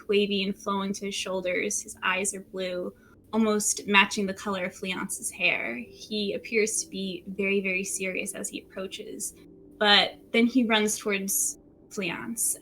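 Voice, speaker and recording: A woman narrating a tabletop game as game master, telling the scene in a relaxed way with frequent fillers, recorded at home. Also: mid-range voice, a little hiss or hum. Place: room at home by a window.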